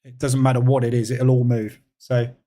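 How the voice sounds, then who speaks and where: A man's voice: medium pitch, level tone, normal speed, mellow. A man hosting a live trading stream, chatting casually and thinking aloud with many fillers while he reads and answers viewers' messages. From United Kingdom. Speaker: trading room host.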